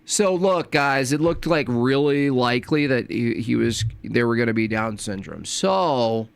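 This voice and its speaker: A man hosting a reaction commentary, scornful and preachy, jumping from loud jabs to low mutters. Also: a little slow, gravelly, clear, resonant tone, dry recording. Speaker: commentary host.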